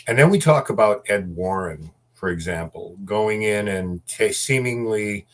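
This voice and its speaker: A man hosting an interview, speaking in a measured way and searching for words. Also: lowish voice, lively intonation. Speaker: podcast host. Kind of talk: casual interview chat.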